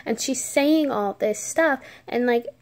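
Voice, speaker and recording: Woman vlogger, story time, unhurried pace, casual, whispers for suspense. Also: fairly high pitch.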